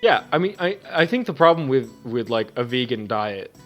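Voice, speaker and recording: A man's voice: medium pitch, sing-song, normal speed, fairly bright tone. Man, podcast co-host, casual rambling chat, jokey, laughs a lot, faint music behind. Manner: rambling, joking, laughs often.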